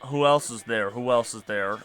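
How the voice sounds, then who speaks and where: Bright-voiced young man ranting. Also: medium pitch, moderate pace. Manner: exasperated ranting, rising to near-shouts. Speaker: podcast host. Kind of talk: casual podcast rant.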